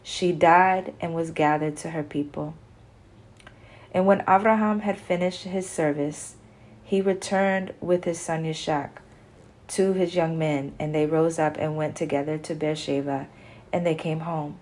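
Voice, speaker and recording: A woman reading an old religious text aloud in a steady, earnest way, slowing down for quoted speech. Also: low voice, rough recording. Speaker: scripture reader. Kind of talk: scripture reading.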